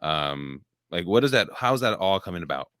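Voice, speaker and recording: A young male podcast host with a low voice and a bright edge asks loose, rambling questions. His sound is dry and close, and his speech is peppered with likes and ums. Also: very animated, fairly quick, smooth, no echo. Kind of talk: casual podcast interview.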